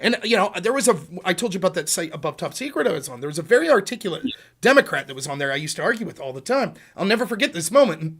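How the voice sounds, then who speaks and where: A middle-aged man hosting a political talk show, telling stories and acting out quotes with sudden jumps in pitch and volume. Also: very animated, racing, fairly bright tone. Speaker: podcast host. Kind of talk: political commentary, storytelling.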